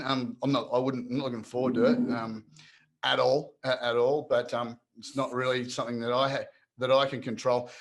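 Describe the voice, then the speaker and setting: A man talking casually on a podcast, his voice sitting in an ordinary middle register. He rants with lots of stumbling restarts and repeated words, slipping into mocking voices. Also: mid-range voice. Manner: animated, repeats words, mocks others in put-on voices. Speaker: podcast co-host. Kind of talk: casual chat.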